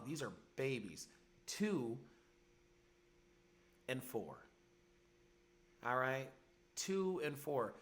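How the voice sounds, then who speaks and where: A man's voice: medium pitch, fairly bright tone. A man in his forties hosting a podcast, ranting in heated, profane commentary. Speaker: podcast host. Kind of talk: angry commentary monologue. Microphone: podcast mic.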